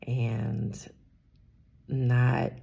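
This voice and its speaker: A woman's voice: very deep voice, level tone, drawn-out words, creaky, mellow, husky. A woman in her fifties, a salon owner, talking candidly and rambling a little in a personal vlog, sometimes dropping to a whisper. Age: 50s.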